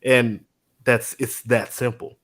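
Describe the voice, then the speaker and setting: Animated man telling a story. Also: mid-range voice, slow. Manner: animated storytelling, acts out quotes, laughs easily. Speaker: guest. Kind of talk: casual faith-based conversation.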